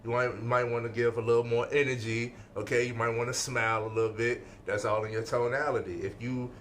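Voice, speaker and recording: A man's voice: medium pitch, flat delivery, fairly quick, fairly bright tone, slight background noise. A man giving an informal motivational lesson, emphatic, repeating his points and checking in with the listener. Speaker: life-skills speaker.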